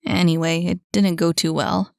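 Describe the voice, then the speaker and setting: A woman voicing a blunt, easygoing young man, only slightly lower than her own voice. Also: level tone, normal speed, vocal fry, a little mellow, no room sound, clean studio sound. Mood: casual. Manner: blunt, offhand.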